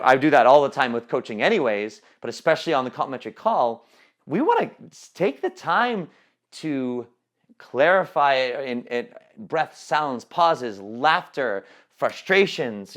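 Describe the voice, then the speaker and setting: A man's voice: mid-range voice, lively intonation, normal speed. Casual rambling male coaching trainer. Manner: casual, rambling, many fillers and restarts. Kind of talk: teleconference training talk.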